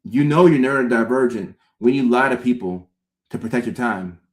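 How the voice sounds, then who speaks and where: A man delivers a comedic talk-show monologue at an average pitch. He bounces between his own voice and lively put-on impressions of other people. The room around him gives a clear echo. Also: normal speed. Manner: animated, acts out friends' voices with big pitch jumps. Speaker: host. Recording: roomy echo.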